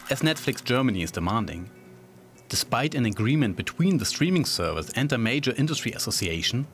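A man reading scripted news narration in a measured, even way. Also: mid-range voice. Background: faint music.

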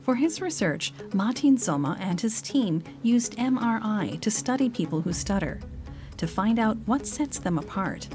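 A woman giving calm, measured scripted narration and voice-over translation for a documentary. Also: fairly high pitch, over music.

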